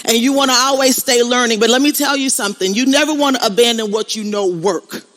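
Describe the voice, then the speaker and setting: A woman's voice: on the high side, fast talker, a bit bright. A middle-aged woman giving a motivational stage speech, emphatic and preachy, repeating lines and calling out to the crowd. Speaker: motivational speaker. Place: on stage at an event.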